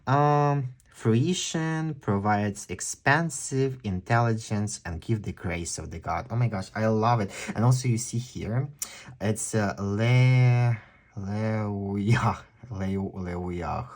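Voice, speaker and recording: A man with a non-native English accent giving a chatty, excitable pick-a-card tarot reading. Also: on the low side, a little slow. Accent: non-native English speaker. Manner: chatty, excitable, exclaims often. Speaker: tarot reader.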